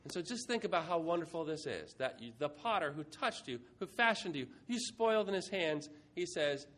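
Male preacher with a somewhat high voice, lively delivery, auctioneer bits. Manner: lively, playful, shifts from quiet reflection to brisk auctioneering. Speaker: pastor. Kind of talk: sermon with a mock auction.

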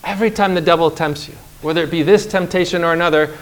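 Emphatic preacher man with raised pitch. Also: fairly even intonation. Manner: emphatic, slow dramatic phrasing with rhetorical questions. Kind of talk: sermon.

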